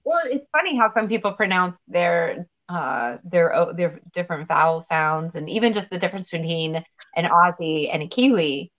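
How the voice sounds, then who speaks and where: A woman actress chatting as an interview guest, talking in an animated, storytelling way. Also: fairly low pitch, normal speed, dull audio. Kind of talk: casual interview chat.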